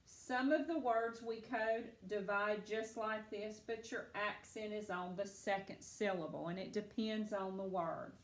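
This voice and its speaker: A woman's voice: medium pitch, unhurried, few pauses, reverberant. A woman teacher giving a phonics lesson to children, patient and encouraging as she walks them through each step.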